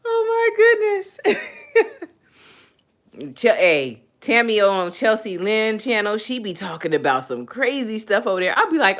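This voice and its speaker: A woman hosting a casual livestream, reading chat comments aloud and laughing loudly between remarks. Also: a little high, unhurried, long pauses. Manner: loud laughing, playful, animated. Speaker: livestream host.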